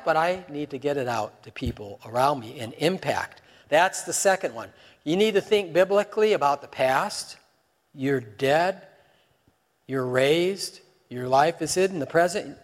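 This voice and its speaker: High-voiced preacher in a reverberant hall. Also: male voice. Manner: conversational, peppered with rhetorical questions. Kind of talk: sermon.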